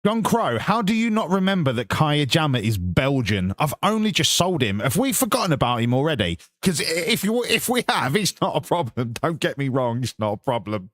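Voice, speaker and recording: A man's voice: on the high side, very animated, moderate pace, hardly any pauses, a bit bright, dry recording, clean studio sound. A man with an English accent streaming live, chatting casually and swearing while bantering with his viewers.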